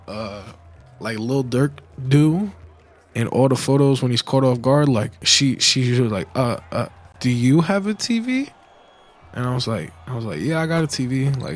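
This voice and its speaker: Crude young man telling a story. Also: mid-range voice. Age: young adult. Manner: crude, slangy, laughing asides. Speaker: vlogger. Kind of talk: casual storytelling.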